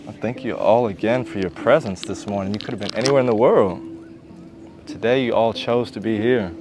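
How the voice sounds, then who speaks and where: A man guiding a yoga session outdoors at the beach in slow, soothing instructions with playful asides. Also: lowish voice, background noise. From Georgia, US. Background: music.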